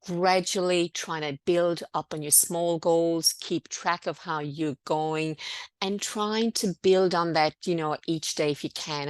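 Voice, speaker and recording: A middle-aged woman with a notably low voice talks patients through recovery as a clinical nurse in an online seminar. Her delivery is reassuring and conversational, full of "you know" and "um". The sound is close and dry, with no room around it. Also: dry recording. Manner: reassuring, conversational, many fillers. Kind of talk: online education seminar talk.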